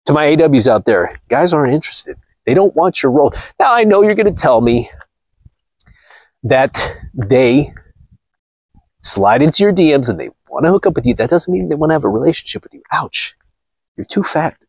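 A man rants to his viewers in a blunt, mocking monologue while out walking. His voice is a bit husky and jumps lively in pitch. The sound is dry and close. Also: fairly quick, no room sound. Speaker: vlogger. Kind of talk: casual ranting monologue.

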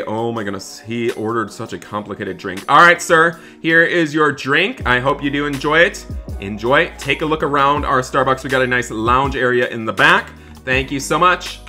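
A man narrates his game role-play with bright, forceful energy, excitable and chatty, forever calling out to the viewers. Faint music plays underneath. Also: medium pitch. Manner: upbeat and excitable, keeps addressing viewers as guys. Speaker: gaming YouTuber playing a barista.

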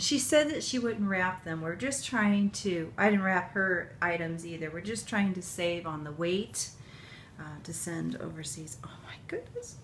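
A woman talks slowly and emotionally as she unboxes a package on her kitchen counter, stretching out each gushing exclamation. She is recorded by a camera on a tripod, with a faint room hum behind her. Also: on the low side, a bit bright, poor audio. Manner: drawn-out, slow, breathy exclamations. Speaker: vlogger. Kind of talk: casual unboxing vlog.

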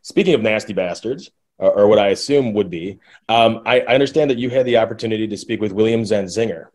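A man's voice: on the low side, fast talker, darkish tone. Man asking long, hesitant questions. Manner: hesitant, rambling questions with restarts. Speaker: podcast host interviewer. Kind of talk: interview questions.

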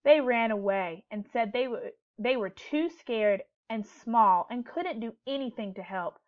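A woman teacher giving a read-aloud lesson to young children, speaking clearly and gently and asking questions as she goes. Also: on the high side, a little slow, narrow, tinny audio.

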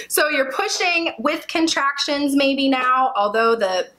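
A young woman, a birth educator, talking through a hands-on demonstration in an excited, laughing way, sometimes straining with effort. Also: high-pitched, slow, slight background noise, poor audio. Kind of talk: demonstration vlog.

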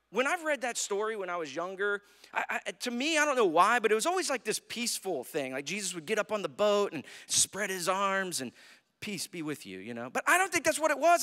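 An American man preaching in a church, telling the story with feeling and often checking in with "right?". His voice sits high and swings widely. It rings with a long reverb from the sanctuary. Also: pushed and bright. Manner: storytelling preacher, acts out quotes, asks "right?". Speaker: pastor. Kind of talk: sermon.

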